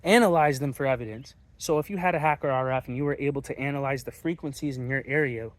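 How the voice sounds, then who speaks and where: A man talking straight to his viewers in a casual monologue, blunt and combative, swearing freely. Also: mid-range voice. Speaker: channel host.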